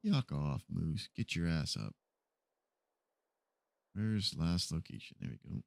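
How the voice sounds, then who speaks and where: A man's voice: low-pitched, very animated, slow pace, creaky, no echo, clean studio sound. A man streaming a roleplay game, chatting casually and animatedly to his viewers, laughing often.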